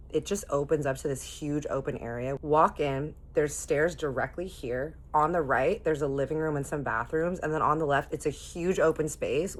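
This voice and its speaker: Very low-voiced chatty woman storyteller. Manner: chatty, animated retelling with quoted voices. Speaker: storytime vlogger. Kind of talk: casual storytelling.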